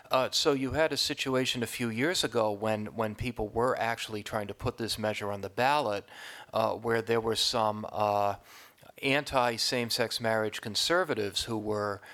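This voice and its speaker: Older man, panel speaker, measured delivery with frequent fillers. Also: fairly low pitch, fairly bright tone. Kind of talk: public panel discussion.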